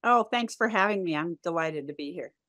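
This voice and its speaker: Animated middle-aged woman telling her story. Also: fairly low pitch, a little fast, no room sound. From United States and Canada. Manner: animated, acts out quoted lines in her story. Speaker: company founder, guest. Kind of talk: interview storytelling.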